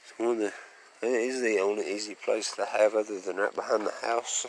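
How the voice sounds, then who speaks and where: A man's voice: lowish voice, steady tone, a little fast, a little hiss or hum, rough recording. A man from Western North Carolina, talking casually in a rambling, folksy vlog and chuckling often as he goes along rural roads. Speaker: vlogger.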